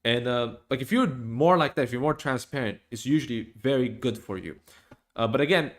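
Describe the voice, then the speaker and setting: A man's voice: medium pitch, fairly quick. Rambling man streaming commentary. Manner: rambling, with many fillers and restarts. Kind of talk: casual rambling stream talk.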